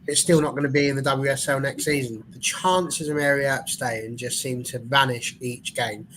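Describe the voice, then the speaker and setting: A man's voice: mid-range voice, steady tone, normal speed, fairly bright tone, slight background noise, rough recording. A man, a fan panelist talking football in blunt, jokey casual chat.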